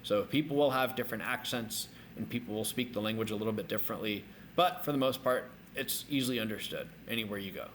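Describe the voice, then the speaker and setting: Lively man teaching a language lesson. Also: lowish voice, slight background noise. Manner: energetic, repeats words slowly for learners. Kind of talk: recorded video lesson.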